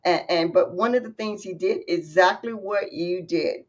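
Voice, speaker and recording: A woman's voice: lowish voice, normal speed. A woman hosting an interview, talking in a preacher-like way and quoting scripture. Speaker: interview host. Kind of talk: interview, faith talk. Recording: dull, slightly muffled audio.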